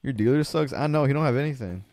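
Excitable young man streaming a game. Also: medium pitch, quick pace, no echo. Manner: excitable, swears a lot, shouts suddenly. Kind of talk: casual gaming livestream.

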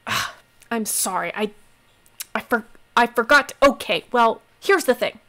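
A woman voicing a scatterbrained, emotional woman healer who talks in a loud, flustered, gushing way. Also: on the high side, lively intonation, a little slow.

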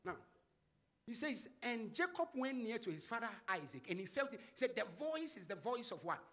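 A man preaching a sermon in call-and-response style, shouting and chanting phrases to the congregation. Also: extremely high pitch, big pitch swings, moderate pace.

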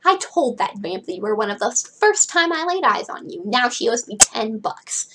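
A woman's voice: on the high side, sing-song, normal speed, a bit bright. A teenage girl reading the part of a smug, bossy teen mummy girl with a snappish delivery.

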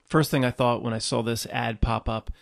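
A man hosting his own channel, talking casually and rambling to viewers, restarting often and jumping from low mutters to loud emphatic bursts. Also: steady tone, moderate pace, creaky. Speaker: YouTube channel host.

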